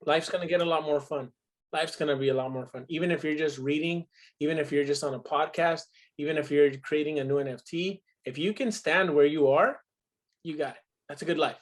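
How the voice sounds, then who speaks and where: A man's voice: on the high side, a little fast. A man in his twenties in casual podcast chat, telling stories emphatically and swearing freely. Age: 20s. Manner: profane, emphatic storytelling.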